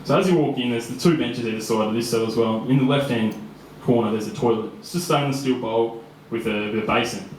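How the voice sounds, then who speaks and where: A man's voice: mid-range voice, fairly quick, a little mellow, a little hiss or hum. A young man in his twenties with an Australian accent, telling a personal story live on stage in a casual, chatty way with frequent laughs and fillers. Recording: echoey room.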